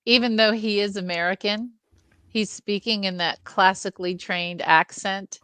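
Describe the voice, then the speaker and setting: A woman's voice: mid-range voice, fairly even intonation, moderate pace, sharp tone, clear, resonant tone, dry recording. A woman co-hosting a casual film review chat, analytical and thoughtful, often checking in with the others. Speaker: podcast co-host.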